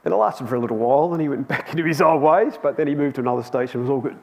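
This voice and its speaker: In a church hall, a man delivers a chatty, anecdotal sermon to a youth Bible class, sharing a personal story full of laughs and restarts. He speaks very fast with a medium-pitched voice.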